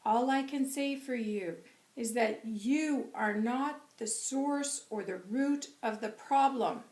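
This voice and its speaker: A woman voicing a tall, solemn male spirit guide, speaking in slow, emphatic pronouncements. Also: on the high side, a little mellow, echoey room, pitched above the performer's own voice.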